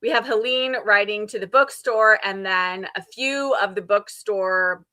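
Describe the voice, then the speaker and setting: A woman's voice: medium pitch, unhurried, sharp tone. A woman hosting a livestream readalong, chatting casually and laughing often. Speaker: livestream host. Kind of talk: casual chat.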